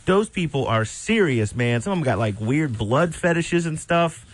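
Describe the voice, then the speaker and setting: A man hosting radio banter, joking and rambling with deadpan irony. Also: on the high side, moderate pace, dry recording. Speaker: radio host.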